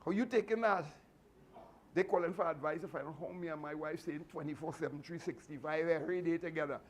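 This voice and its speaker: A man's voice: fairly high pitch, a little fast, slight background noise. Earnest man giving fatherly advice. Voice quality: repetitive, earnest, with frequent restarts. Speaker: martial arts instructor. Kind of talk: motivational speech to students.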